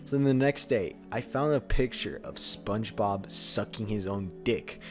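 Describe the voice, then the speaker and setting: A man's voice: lowish voice, normal speed, over music. A young man co-hosting a podcast, telling a story in a rambling, casual way with lots of fillers and bursts of laughter. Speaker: podcast co-host.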